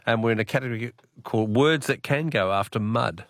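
A man's voice: mid-range voice, brisk, fairly bright tone, no echo, studio quality. A man with an Australian accent hosting a talkback radio quiz, chatty and laughing easily as he repeats the questions.

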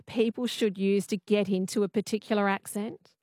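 A woman's voice: mid-range voice, fairly even intonation, normal speed, mellow, no echo, studio quality. A woman hosting a radio interview, asking questions in a friendly, conversational way. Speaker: radio host.

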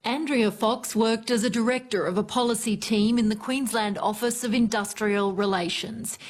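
A woman reporter delivering a scripted news report in a clear, even manner. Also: on the high side, normal speed.

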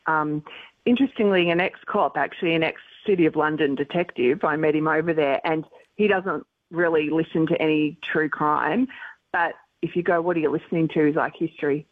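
A woman's voice: sits low, normal speed, dry recording. A middle-aged woman guest chatting in a thoughtful, hedging way with many fillers, heard over a phone line. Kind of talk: casual chat on a phone line.

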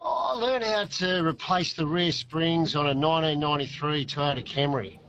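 A man's voice: fairly high pitch, moderate pace, a bit bright, no room sound, dull audio. A man with an Australian accent calling in to a radio quiz, easygoing and laconic. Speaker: caller. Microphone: phone line.

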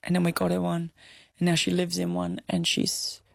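A woman's voice: fairly low pitch, very animated, normal speed, vocal fry, no room sound. A young Australian woman telling a personal story in an interview, candid and heartfelt, close to tears. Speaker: guest.

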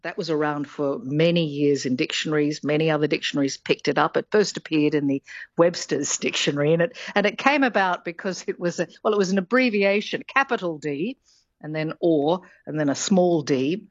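A woman's voice: deep voice, fairly quick, no room sound. Chatty woman linguist on a dull line. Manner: chatty, explanatory, with frequent fillers and small laughs. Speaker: linguistics professor, guest expert. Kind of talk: radio interview explanation.

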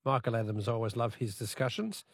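A man's voice: medium pitch, expressive, brisk. A man with an Australian accent hosting talkback radio in a chatty, amused way. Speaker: radio host.

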